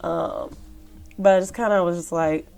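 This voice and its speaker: A woman's voice: on the low side, fairly even intonation, moderate pace, a little mellow. A woman telling a personal story to her viewers in a casual, rambling way, with many fillers. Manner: rambling, chatty, lots of fillers. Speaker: vlogger, former rideshare driver.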